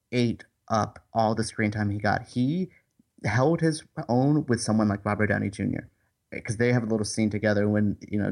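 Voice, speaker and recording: A man with a fairly low voice co-hosting a casual movie review podcast. He talks with hesitant enthusiasm, full of fillers and restarts, and keeps acting out little bits of dialogue. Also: vocal fry. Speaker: podcast co-host.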